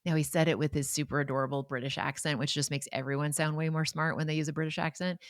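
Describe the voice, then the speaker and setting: A woman's voice: low voice, steady tone, fast, dry recording, studio quality. A woman in her forties hosting a podcast on her own, talking in a chatty, enthusiastic way and wandering off into asides. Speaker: podcast host. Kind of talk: casual solo podcast talk.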